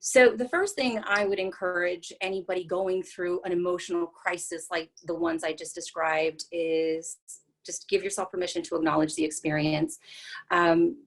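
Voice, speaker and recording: A woman's voice: on the low side, steady tone, normal speed. A woman psychotherapist giving a talk, earnest and reassuring, with frequent fillers and restarts. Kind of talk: talk to an online group.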